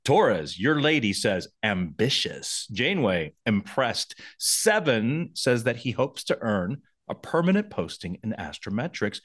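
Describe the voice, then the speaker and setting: A middle-aged man co-hosting a podcast, chatting casually and laughing often in a playful way. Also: medium pitch. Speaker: podcast co-host. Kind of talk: casual rewatch chat.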